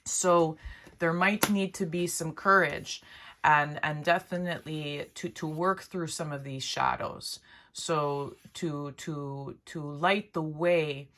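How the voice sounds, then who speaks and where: A woman giving a spiritual pick-a-card reading, speaking gently and haltingly with many restarts and a heartfelt, emotional tone. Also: deep voice, steady tone. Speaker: intuitive card reader.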